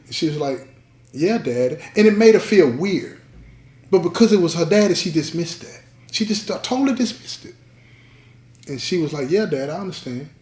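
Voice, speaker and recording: A man's voice: high voice, lively intonation, fairly quick, a little mellow, roomy sound. A man hosting a podcast, telling a story in a casual way, repeating key lines and checking in with his listeners.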